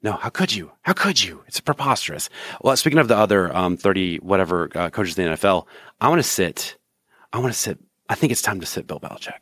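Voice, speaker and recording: A man's voice: sits low, animated, fast talker, fairly bright tone, no echo. A man co-hosting a sports podcast, joking and rambling in casual chat. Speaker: podcast co-host.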